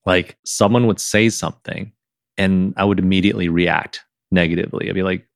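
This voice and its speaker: Low gravelly man, animated chat. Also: a little fast, no echo, studio quality. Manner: animated, reenacts his own quotes in a higher voice. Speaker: podcast host. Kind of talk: casual conversation.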